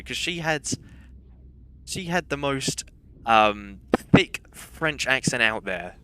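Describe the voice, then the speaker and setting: A man's voice: fairly high pitch, very animated, a little slow, pushed and bright. A young man streaming a game, rambling through casual anecdotes with self-deprecating humour. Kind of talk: casual gameplay commentary and storytelling.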